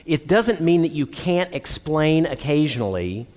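A middle-aged man from Texas, preaching to men in an animated storytelling way, acting out quotes. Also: fairly high pitch, unhurried. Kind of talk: sermon to men. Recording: long hall reverb.

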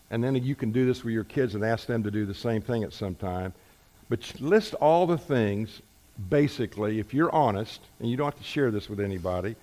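A man preaching a sermon, telling stories with emphatic, slow, deliberate stresses. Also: mid-range voice, a little mellow. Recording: reverberant hall.

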